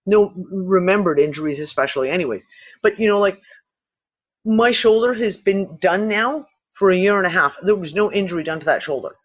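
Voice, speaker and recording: A man hosting a discussion show, thinking out loud in loose, rambling speech with casual swearing and frequent restarts. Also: sits high, brisk. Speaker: podcast host. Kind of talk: casual speculative talk. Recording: dull lo-fi recording.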